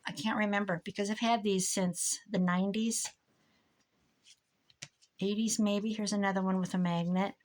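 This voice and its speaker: A woman's voice: mid-range voice, steady tone, moderate pace, pauses often. A middle-aged woman rambling casually to herself and her viewers as she works on a craft project at her desk, with chatty asides. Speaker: crafting YouTuber. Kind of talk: casual crafting chat while working.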